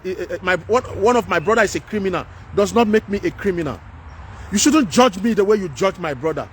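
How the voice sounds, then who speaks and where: High-voiced Nigerian man lecturing emphatically. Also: a little hiss or hum. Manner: preachy, repetitive, emphatic. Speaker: commentator. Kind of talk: impassioned monologue.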